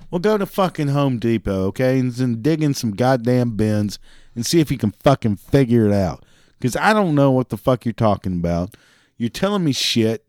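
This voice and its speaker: A man's voice: medium pitch, a little mellow, no echo, clean studio sound. A man who works a parts counter, ranting profanely about customer service calls and mimicking the callers. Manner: drinks beer while talking. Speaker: parts department worker. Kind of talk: ranting monologue.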